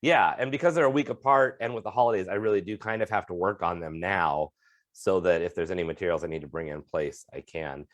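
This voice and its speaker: A man's voice: low-pitched, quick pace, no room sound, studio quality. A man co-hosting a comedy podcast, talking in an earnest, thoughtful and supportive way. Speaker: podcast co-host, comedian and motivational speaker. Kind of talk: casual chat.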